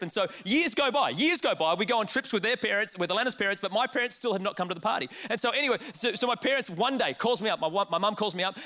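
A pastor with an Australian accent preaches in a high, bright voice. Animated and energetic, he tells a comic, self-mocking story packed with quick asides.

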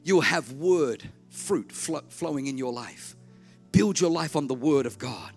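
Animated preacher, gravelly voice. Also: male voice, mid-range voice, unhurried, faint music behind. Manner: animated storyteller, acts out voices, swings from hushed to shouting. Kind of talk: sermon with storytelling.

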